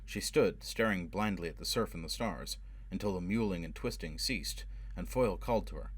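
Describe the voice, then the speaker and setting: A man reading a novel aloud as an audiobook narrator, in a steady, measured way. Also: low voice, breathy edge. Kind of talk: scripted narration.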